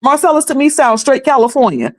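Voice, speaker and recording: A woman's voice: sits high, sing-song, fairly quick. A woman in her fifties hosting casual commentary, chatty, laughing often and restarting her sentences. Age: 50s. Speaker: commentary channel host.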